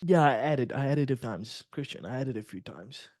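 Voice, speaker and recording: A man's voice: mid-range voice, expressive, normal speed, darkish tone, no room sound. A man who mentors traders talks to his students over a video call. He rambles, swears often and drops slang as he tells a story. His voice sits mid-range, and the sound is dry and close. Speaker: trading mentor.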